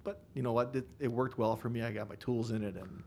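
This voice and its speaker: A man's voice: medium pitch, fast talker, a little mellow, a little hiss or hum. A man, a contractor on a podcast, telling a wild story in a casual way, swearing freely and laughing as he goes.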